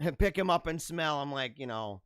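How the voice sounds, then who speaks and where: A man's voice: on the high side, expressive, a little fast, a bit bright, clear, resonant tone, no room sound, clean studio sound. A man in his forties hosting a casual solo show, reacting to memes with jokey, chuckling asides. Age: 40s. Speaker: podcast host.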